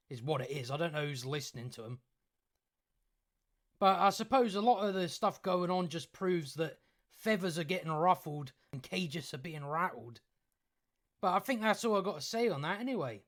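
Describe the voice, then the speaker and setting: A man's voice: a little high, lively intonation, fairly bright tone. Sarcastic man ranting on a vlog. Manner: sarcastic, profane, chuckling; halting restarts. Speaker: YouTube commentator. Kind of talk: ranting commentary.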